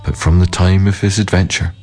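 A man narrating a storybook tale in a measured, solemn way, with a husky voice. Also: sits low, flat delivery, darkish tone, faint music behind.

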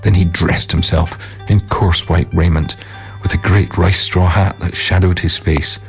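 A man with a very low voice reads a folk tale aloud in measured, solemn narration. Faint music plays softly behind him. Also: fairly even intonation, creaky. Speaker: storyteller.

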